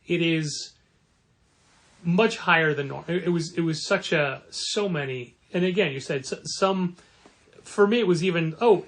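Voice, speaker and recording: A man with a fairly high voice co-hosts a comic shop podcast in loose, chatty banter. He gets animated and acts out quoted remarks in a raised, mocking tone. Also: moderate pace. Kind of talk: casual podcast chat.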